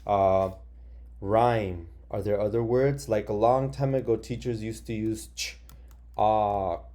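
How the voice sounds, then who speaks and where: A male teacher giving a recorded phonics lesson to young children from his office, patient and slow, spelling words out letter by letter. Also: lowish voice, steady tone, mellow.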